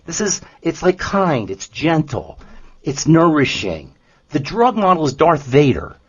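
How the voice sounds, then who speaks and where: A man co-hosting a health podcast who explains nutrition in an emphatic, animated way, often repeating himself for emphasis. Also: a little high, a little slow, slightly rough, no echo, muffled recording. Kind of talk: casual explanatory podcast talk.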